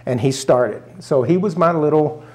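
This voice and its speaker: Sitting for an interview, an older man from rural Arkansas shares a personal family story, earnest and emotional, his voice catching along the way. He acts out things his relatives said, speaking at a moderate pace in a slightly high, slightly mellow voice.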